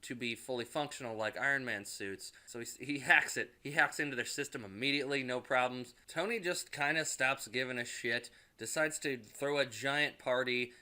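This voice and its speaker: A man rambling through a movie recap, swearing freely and restarting his sentences as he goes. His voice is bright and edgy, at an ordinary pitch for a man. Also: normal speed, few pauses. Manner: rambling, profane, with frequent restarts. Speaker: movie reviewer. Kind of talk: casual profane movie recap.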